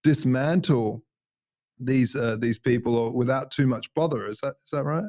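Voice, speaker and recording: A man's voice: mid-range voice, moderate pace, dark tone. A man co-hosting an interview show, telling stories in a rambling, self-deprecating way. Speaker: co-host. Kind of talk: casual conversation.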